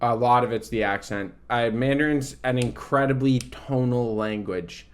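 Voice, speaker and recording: A man's voice: medium pitch, moderate pace. A man co-hosting a podcast in casual chat, opinionated and profane, often laughing. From Canada. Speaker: podcast co-host.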